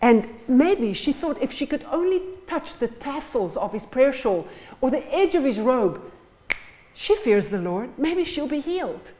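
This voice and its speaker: A woman's voice: high voice, very animated, unhurried, dark tone, poor audio. A woman preaching a sermon in church, retelling stories and acting out the scenes. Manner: storytelling, acts out the scenes.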